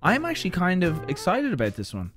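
A man's voice: sits high, wildly swooping pitch, fairly quick, fairly bright tone, faint music behind. Rambling Irish man reviewing snacks. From Ireland. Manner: rambling, jokey, mock-defensive outbursts. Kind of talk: casual snack review vlog.

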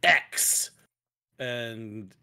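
A man's voice: mid-range voice, extremely slow, vocal fry, bright, forceful tone. A man co-hosting a podcast in casual chat, with dry, matter-of-fact banter. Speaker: podcast co-host, wrestler.

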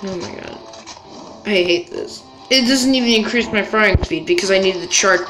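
A woman's voice: mid-range voice, moderate pace. A woman giving casual commentary over her own gameplay, playful and exasperated, talking to the characters on screen and bursting into yelps. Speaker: gaming video creator. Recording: roomy with game music behind.

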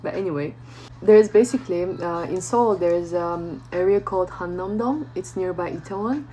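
A woman vlogger telling a casual story in a chatty way, full of fillers and lively retelling. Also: lowish voice, moderate pace, slight background noise, rough recording. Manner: chatty, peppers speech with "like", animated retelling.

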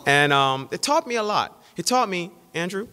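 Animated man preaching in an echoey hall. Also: high-pitched, normal speed, clear, resonant tone. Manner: animated storytelling, acts out quotes. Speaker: pastor. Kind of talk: sermon. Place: church sanctuary.

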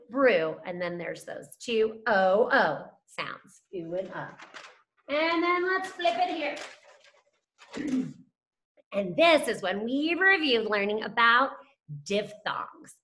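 Lively, slow-paced woman teaching phonics. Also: fairly high pitch. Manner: warm, encouraging, slow and sing-song with drawn-out letter sounds. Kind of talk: phonics lesson to young children.

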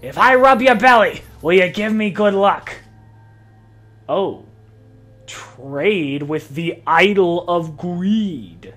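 A man hosting a let's-play video, excitable and profane, often laughing and shouting at the game. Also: high-pitched, takes it slowly, faint music behind. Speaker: gaming video host.

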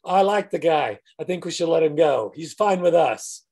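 Easygoing ancient religious leader, offhand, mellow tone, voiced by a male teacher. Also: a little high, animated, normal speed. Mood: approving.

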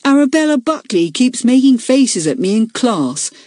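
A woman's voice: on the high side, very animated, normal speed, mellow, dry recording, studio quality, voice pushed up. A woman doing a whiny complaining schoolboy. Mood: aggrieved. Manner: whiny, aggrieved.

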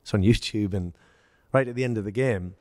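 Deep-voiced English man telling stories. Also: brisk, darkish tone, no echo, clean studio sound. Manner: storytelling, acts out quoted dialogue, laughs. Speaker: former footballer, podcast guest. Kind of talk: casual anecdote telling.

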